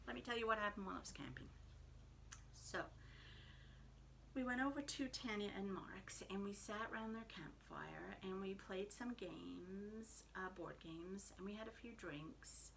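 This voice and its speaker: A middle-aged woman, hosting a casual podcast and telling a lively story, acting out what each person said. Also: mid-range voice, measured pace, gravelly, slight background noise. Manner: animated storyteller, acts out quoted voices. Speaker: knitting podcast host.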